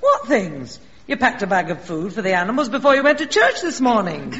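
A woman's voice: medium pitch, very animated, fairly quick, crowd noise, lightly acted. A woman playing a firm, fond mother. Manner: firm, scolding. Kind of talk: 1960s radio sitcom acting. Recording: muffled old radio recording, long reverb.

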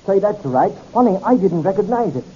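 A man voicing an eager, apologetic young male chemist who talks quickly and hesitantly. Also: sits high, expressive, mellow, slight background noise, voice pushed up. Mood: impressed. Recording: dull lo-fi recording.

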